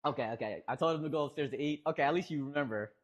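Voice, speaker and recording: A man streaming from home, telling a rambling, animated story with lots of restarts and fillers. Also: on the high side, racing, lo-fi sound.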